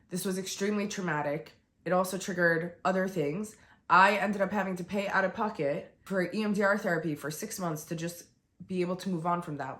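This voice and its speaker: A woman telling a raw, emotional personal story on a vlog, on the verge of tears, swinging between quiet and heated. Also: mid-range voice, reverberant. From United States. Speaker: vlogger.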